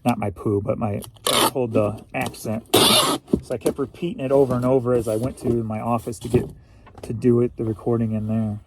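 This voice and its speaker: A man's voice: medium pitch, little pitch movement, normal speed, very noisy. A man from St. Louis, Missouri, rambling through a casual solo reseller vlog, chatty and at times emotional. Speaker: reseller vlogger.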